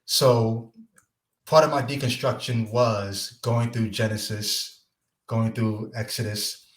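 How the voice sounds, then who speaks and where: A man's voice: medium pitch, flat delivery, slow pace. Male podcast host, reflective questioner, echoey room. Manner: reflective, asks long thoughtful questions. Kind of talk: casual podcast interview.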